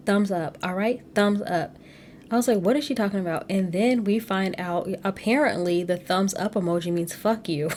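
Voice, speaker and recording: A woman's voice: fairly low pitch, a little mellow, a little hiss or hum. A woman hosting a podcast, recapping a reality show in casual, gossipy chat and often laughing. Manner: chatty and gossipy, laughs often, addresses listeners as y'all.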